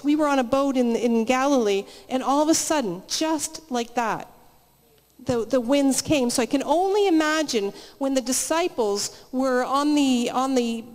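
Chatty high-voiced woman preaching. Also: darkish tone. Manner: chatty, storytelling, frequent restarts. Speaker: guest speaker at church meeting. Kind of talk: conversational sermon. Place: church hall, live meeting. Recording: reverberant live church hall.

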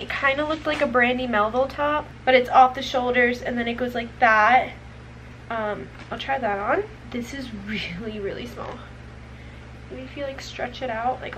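19 yr old girl doing a haul vlog, high voice, talks fast and animated, lots of "like", a faint hiss behind her. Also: rough recording. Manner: chatty and expressive, heavy use of "like". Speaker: beauty and fashion vlogger. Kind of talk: casual try-on haul chat.

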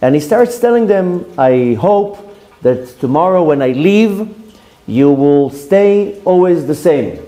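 Rabbi telling a sermon story. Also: male voice, mellow. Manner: acts out quoted dialogue with shifting pitch. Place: women's institute classroom.

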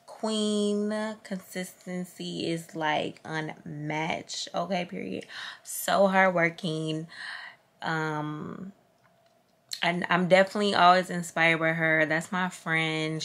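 Candid, profane woman vlogger talking slowly. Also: lowish voice, fairly bright tone. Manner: candid and profane, drawling and loose. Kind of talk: casual vlog chat.

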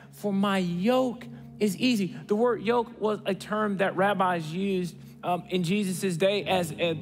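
A male pastor delivers a sermon with a high, bright voice. He talks conversationally, dropping to hushed tones and then rising with excitement. The sound carries a long church reverb with faint music behind it. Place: church stage.

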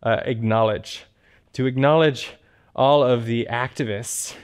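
A man's voice: mid-range voice, fairly even intonation, measured pace, smooth. A man hosting a cabaret livestream, joking campily and turning earnest. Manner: campy, joking, then earnest. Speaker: cabaret host.

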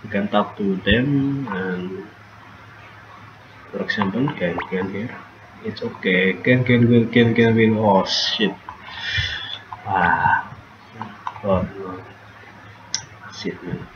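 Low-voiced man chatting over a game. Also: slow, pauses often, roomy sound. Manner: chatty, swears and laughs at the game. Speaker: gameplay streamer. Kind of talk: casual let's-play commentary. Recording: dull lo-fi sound with noticeable background noise.

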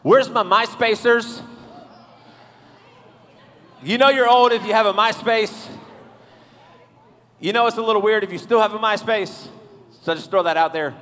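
A man with a high voice preaches in a loose, joking way, talking to his young crowd and teasing them. His voice rings out with a long reverb. He is leading a church service for youth. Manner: joking, animated, talks to the crowd. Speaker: youth pastor. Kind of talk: casual comedic sermon. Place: large church hall.

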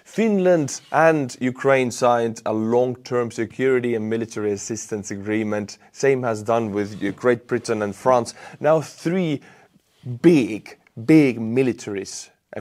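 A man from Estonia with an Estonian accent, delivering emphatic, opinionated war news commentary on his channel. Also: mid-range voice. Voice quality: emphatic, animated, with sudden loud outbursts.

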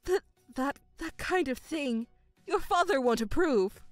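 A woman voicing a pompous, domineering middle-aged mother in a dramatized story reading, loud and overbearing. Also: high voice, animated, a little slow, no echo, soft background music. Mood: insistent.

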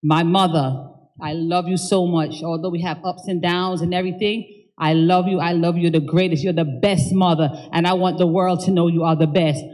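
A woman's voice: on the low side, steady tone, normal speed, darkish tone. A woman speaking as the daughter at a memorial service, giving a heartfelt eulogy and then thanking the gathered mourners, emotional and stumbling over her words at times.

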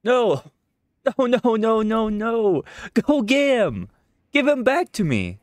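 A man with a Swedish accent voicing a scared, stubborn little girl in a game, shrill and shouting. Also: big pitch swings, takes it slowly, no room sound, clean studio sound, full character voice. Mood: panicked.

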